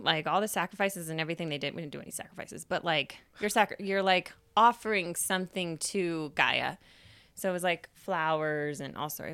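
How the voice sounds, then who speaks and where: In a low, smooth voice with no echo, a young woman podcast host recounts something from her life, lively and informal, swearing liberally and mimicking her own past lines.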